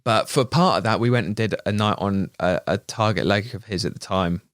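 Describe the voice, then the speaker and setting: A man with an English accent telling an animated anecdote in casual podcast chat, laughing and mimicking other people's voices as he goes. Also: lowish voice, a little fast, no echo, clean studio sound. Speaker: videographer. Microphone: studio podcast mic.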